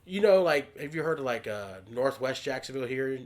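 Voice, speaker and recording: A man co-hosting a casual podcast, telling an animated story, acting out quotes and swearing freely. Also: medium pitch, brisk. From United States. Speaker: podcast co-host.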